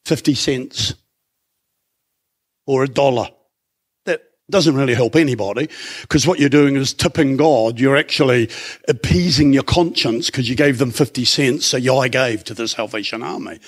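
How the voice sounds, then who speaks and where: A middle-aged man with an Australian accent preaching in church, conversational and animated, full of rhetorical questions. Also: medium pitch, moderate pace. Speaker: pastor. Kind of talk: sermon.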